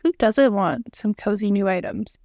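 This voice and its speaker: A young woman co-hosting a podcast, telling stories in an animated, excitable way. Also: mid-range voice, normal speed, no room sound, studio quality. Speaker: podcast co-host. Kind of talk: casual chat.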